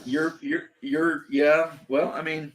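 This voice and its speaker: Man, podcast host, rambling, swears freely, husky tone. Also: a little high, level tone, slow. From Eastern Kentucky, USA. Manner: rambling, profane, blunt. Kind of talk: casual chat.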